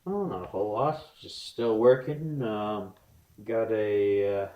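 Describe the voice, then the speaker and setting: A young man co-hosting a casual podcast chat, rambling and restarting his sentences, speeding up and slowing down. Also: lowish voice, lo-fi sound. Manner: rambling, restarts often, quick bursts then slow. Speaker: podcast co-host. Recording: roomy echo.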